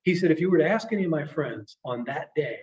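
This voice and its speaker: A man telling a personal story to an audience in a presentation, halting and repeating words, acting out the people he quotes, emotional at times. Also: fairly high pitch, animated, a little mellow. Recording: distant, dull lo-fi sound.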